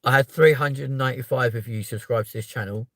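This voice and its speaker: A man speaking live to his viewers, emotional and close to tears, sighing heavily and stumbling over his words as if overwhelmed. His voice sits at a mid pitch for a man. The sound is dry and close, with no room echo. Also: steady tone, fast. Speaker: channel host. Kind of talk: live stream talk to viewers.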